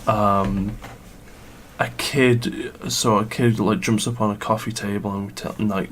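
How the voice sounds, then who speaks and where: A man co-hosting a casual podcast chat, rambling and halting, laughing often as he talks. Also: fairly low pitch, flat delivery, fairly bright tone, a little hiss or hum. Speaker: podcast co-host.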